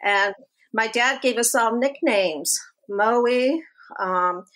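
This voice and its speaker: A woman in her sixties with a high, bright-sounding pitch, chatting as an interview guest. She tells stories in a lively, animated way and laughs easily. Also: slow. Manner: animated storyteller who laughs often. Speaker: guest, college activity instructor. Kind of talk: casual interview talk.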